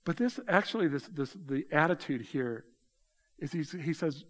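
Middle-aged man preaching, somewhat high voice, animated and mocking in asides. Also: moderate pace. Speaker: pastor. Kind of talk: sermon.

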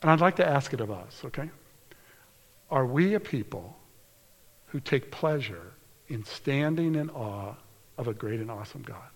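Man preaching, earnest, hushed asides, mid-pitched voice, long hall reverb. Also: animated. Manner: earnest, slows for emphasis, drops to a hushed whisper. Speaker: pastor. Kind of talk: sermon reading scripture.

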